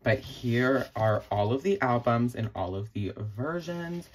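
A young man in a casual unboxing vlog, gushing and excitable, with frequent gasps and many fillers. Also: mid-range voice, a little slow, slight background noise. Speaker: vlogger.

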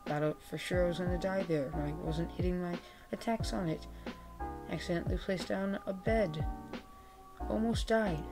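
A woman with a gravelly voice giving chatty, laid-back, self-mocking commentary over her gameplay. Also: fairly low pitch, fairly even intonation, normal speed. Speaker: gaming video creator. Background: background music, keyboard typing.

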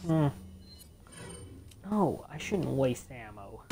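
A woman doing let's play commentary, frustrated, cursing and shouting at the game. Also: deep voice, lively intonation, unhurried, pauses often. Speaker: gamer. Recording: noisy background ambience.

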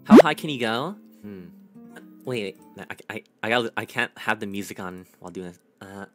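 A man's voice: on the low side, lively intonation, fairly quick, faint music behind. A male streamer chatting casually, self-deprecating and rambling, often breaking into laughter. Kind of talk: casual chat.

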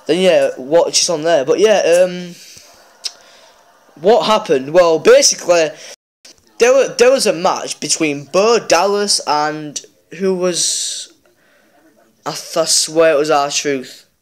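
A man's voice: a little high, slow pace. A man hosting a mobile game channel, casually recapping a wrestling show with lots of fillers and restarts. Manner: rambling, many fillers and restarts.

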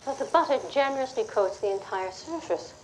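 This is a lightly acted, fairly high, expressive woman's voice, a little fast, with background noise. Playing a tall, cheerful 1960s TV cook in her fifties for a television drama, the actress appears as a chipper, exuberant cooking show guest who warbles theatrically and uses French phrases.

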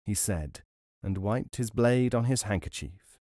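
A man's voice: on the low side, lively intonation, a little slow, warm tone, no echo. Man reading folk tales, dry close sound. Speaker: storyteller. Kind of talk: audiobook storytelling.

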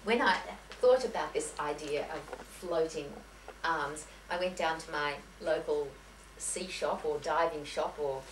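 A woman's voice: deep voice, measured pace. A woman piano teacher giving a lecture to teachers, talking in a chatty, anecdotal way with many restarts and self-corrections. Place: lecture room. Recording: echoey room, voice from far off, faint hiss.

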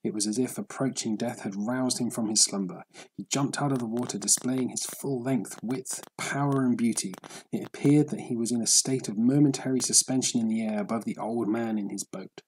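A man narrating a story in a steady, measured audiobook reading. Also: medium pitch, slight background noise, rough recording.

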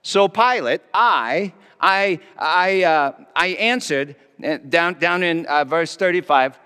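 A male pastor preaching a dramatic first-person monologue, speaking in character as a Roman governor with a theatrical, halting delivery. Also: sits high, a bit bright, clean tone. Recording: long reverb of a large hall.

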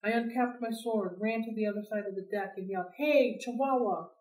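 Woman, reading aloud, expressive storyteller, echoey room, a bit far from the mic. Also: medium pitch, fast. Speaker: library read-aloud host. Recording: roomy sound, distant from mic.

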